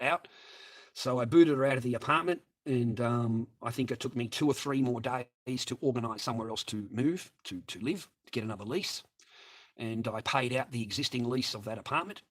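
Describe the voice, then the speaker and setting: A man spins a crude story in a loose, rambling way. He swears freely, circles back on himself, and keeps calling the listeners mate and boys. His pitch sits in an ordinary middle range for a man. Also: a bit bright. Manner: profane, rambling, addresses listeners as mates. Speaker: storyteller addressing viewers. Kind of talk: crude casual anecdote.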